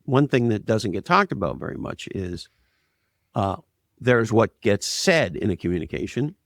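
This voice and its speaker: A man's voice: on the low side, big pitch swings, normal speed, dry recording, clean studio sound. Blunt, emphatic male interview guest. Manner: emphatic, blunt, makes points with anecdotes. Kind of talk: conversational interview, storytelling.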